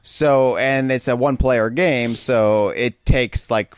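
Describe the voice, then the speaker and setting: A man's voice: mid-range voice, steady tone, slow pace, smooth, no echo, clean studio sound. Joking male podcast co-host. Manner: joking interjections. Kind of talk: casual chat.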